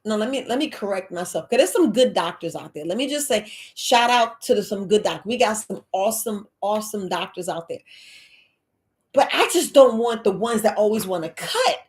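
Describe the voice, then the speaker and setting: A woman's voice: mid-range voice, normal speed. A woman, hosting a live Q&A and telling a personal story in a casual, dramatic way. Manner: animated, dramatic, exclaiming quoted reactions. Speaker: live Q&A host.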